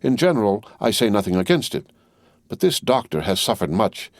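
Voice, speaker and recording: A man's voice: lowish voice, very animated, a little fast, no room sound, studio quality. A man voicing a troubled middle-aged wine-shop keeper who reasons uneasily with his wife, in an audiobook.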